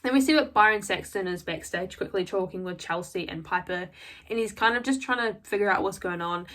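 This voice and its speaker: A woman's voice: medium pitch, a little fast, fairly bright tone. A woman talking casually in a vlog, recapping a wrestling episode in a chatty, gushing way and often repeating her words. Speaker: wrestling show reviewer.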